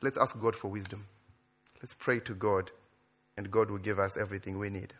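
A man from Africa preaching a sermon in a church, animated, building to excited near-shouts and then dropping low and quiet. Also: normal speed. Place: church in Australia.

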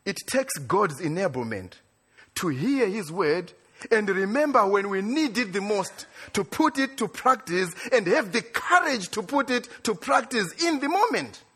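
A high, bright-toned preacher from Africa with a husky edge to his voice. He preaches with growing excitement, climbing into near-shouts before sinking back to a low, quiet delivery. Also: unhurried. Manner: animated, rising to excited near-shouting then dropping low. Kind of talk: sermon. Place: church in Australia.

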